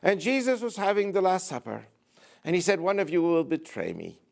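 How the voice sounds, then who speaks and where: A man's voice: high-pitched, big pitch swings, brisk, creaky, a little mellow, pitched above the performer's own voice, heavily acted. A man doing an Irish priest preaching.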